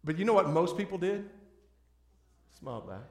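A man's voice: sits high, expressive, normal speed. A man preaching a sermon as pastor, earnest and pleading, often restarting his sentences. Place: church sanctuary. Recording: echoey church room.

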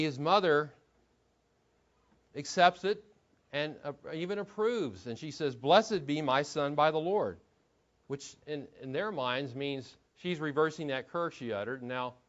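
A man's voice: on the high side, fairly bright tone. A man preaching an expository sermon in a conversational way, asking the listeners rhetorical questions. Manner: conversational, asks rhetorical questions, repeats words while thinking. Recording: dull lo-fi recording.

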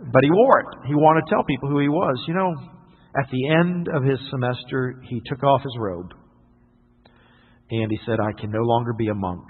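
A middle-aged man preaches in a storytelling way, his husky voice rising and dropping in loudness. His voice sits a little higher than most men's. The sound is thin and phone-like, with a long hall echo behind it. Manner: storytelling with dramatic swings in loudness. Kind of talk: sermon.

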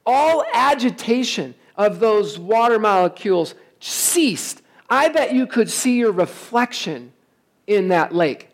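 A man's voice: high-pitched, expressive, slow pace. Emphatic preaching man. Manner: emphatic, asks the congregation rhetorical questions. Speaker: pastor. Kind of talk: sermon. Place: church service, also streamed online.

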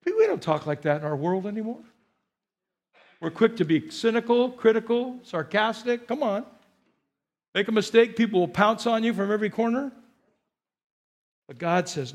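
A male pastor preaching a sermon to his congregation, animated, repeating phrases and coaxing the people to answer back. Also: high-pitched, normal speed, long pauses. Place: church.

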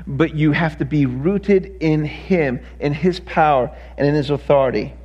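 A man's voice: a little high, unhurried, darkish tone, husky, long reverb tail, dull audio. A male pastor preaching a sermon, emphatic, with repeated words as he speeds up.

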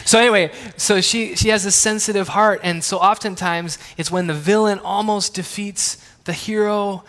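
A man's voice: high voice, steady tone, normal speed, fairly bright tone. A man in his thirties preaching, telling family stories in a conversational, joking way and asking the audience questions. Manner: conversational, self-deprecating, asks the audience questions. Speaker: pastor. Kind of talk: sermon with family anecdotes. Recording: long reverb of a large hall.

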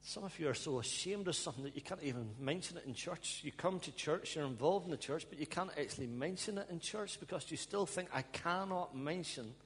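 A male pastor preaching and praying, pleading with his congregation, now and then breaking into soft laughter and sighs. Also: a little high, expressive, fast, few pauses. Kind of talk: emotional sermon and prayer. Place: church hall. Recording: long church reverb, faint hum.

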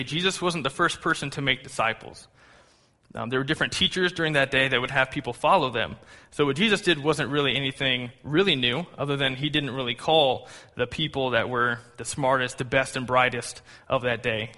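A man's voice: medium pitch, sharp tone. A man in his thirties, a pastor giving a conversational sermon with fillers and personal asides. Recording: long hall reverb.

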